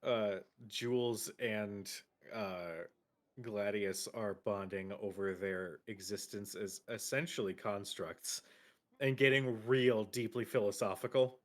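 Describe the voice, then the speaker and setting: A man narrating a tabletop game as game master, relaxed and full of fillers. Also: fairly low pitch, slow. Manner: relaxed, hesitant with fillers, laughs often.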